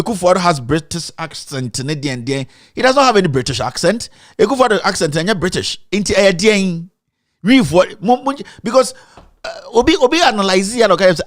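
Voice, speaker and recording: A man's voice: high voice, sing-song, normal speed, a bit bright, no room sound, studio quality. A Ghanaian man hosting an online live show, greeting viewers by name, then ranting animatedly in a mix of English and Twi. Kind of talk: casual live-stream commentary.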